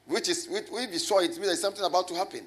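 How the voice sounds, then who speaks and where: A man preaching a lively sermon as a pastor, swinging from loud shouts to low asides and calling on the congregation to answer. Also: racing. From Ghana. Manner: animated, rising to shouts and dropping low, with call and response.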